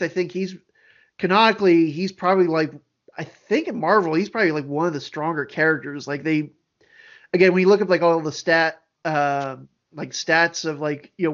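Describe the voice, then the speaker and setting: A man's voice: a little high, brisk, fairly bright tone. A man co-hosting a podcast, chatting casually and rambling animatedly with many fillers. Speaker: podcast co-host. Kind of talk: casual chat. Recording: dull lo-fi audio.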